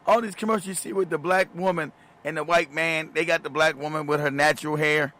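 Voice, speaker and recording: A man's voice: a little high, steady tone, normal speed, sharp tone. A man hosting a show, talking in a casual, emphatic monologue full of profanity and frequent laughter. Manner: emphatic and profane, laughs often mid-sentence. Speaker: show host.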